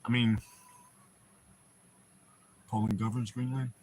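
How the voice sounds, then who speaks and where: A man's voice: medium pitch, flat delivery, takes it slowly, darkish tone. A young American man hosting a casual livestream, telling rambling, profane stories to his chat. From United States. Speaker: livestream host.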